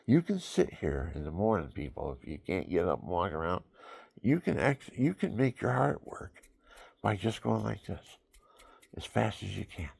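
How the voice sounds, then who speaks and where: Gravelly deep-voiced older man, rambling. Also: very animated, normal speed, darkish tone, dry recording. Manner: rambling, folksy, counts aloud under breath. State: out of breath. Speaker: vlogger. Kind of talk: casual health talk to camera. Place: home, sitting on a couch.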